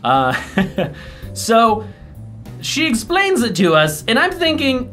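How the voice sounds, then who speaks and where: A man vlogging, telling a story in a casual, animated way, swearing and mocking people through quick impressions. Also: high-pitched, faint music behind.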